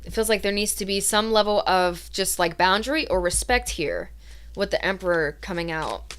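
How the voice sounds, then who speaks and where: A woman tarot reader giving a reading in a soft, earnest, emotional way, voicing the feelings she channels. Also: mid-range voice.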